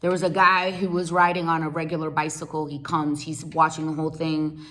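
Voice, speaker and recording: A woman in her thirties, from the United States, talks straight to her viewers in a lively storytime manner. She swings her voice around to act out everyone in the tale and keeps calling her audience "y'all.". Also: sits low, brisk. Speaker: vlogger. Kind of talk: animated storytime.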